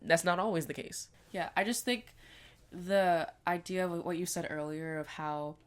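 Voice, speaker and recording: A woman's voice: on the low side, normal speed. A young woman co-hosting a podcast, telling a story in a chatty way, with lots of fillers and some swearing. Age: young adult. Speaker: podcast co-host. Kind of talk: casual chat.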